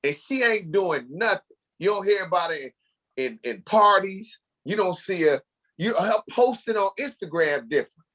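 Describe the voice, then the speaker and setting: A man's voice: high voice, animated, moderate pace, pushed and bright. A man hosting a casual podcast chat, steering the talk and passing questions to the others. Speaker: podcast host.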